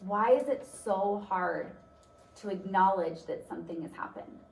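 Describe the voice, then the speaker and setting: A woman's voice: mid-range voice, measured pace, vocal fry. A woman giving a motivational talk, telling a personal story in a conversational way with many fillers. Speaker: speaker. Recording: roomy, distant mic, faint noise.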